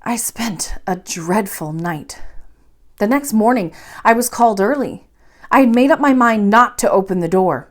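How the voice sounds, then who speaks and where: A woman reading a bedtime story aloud, narrating in an expressive, measured way. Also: mid-range voice. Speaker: library storyteller.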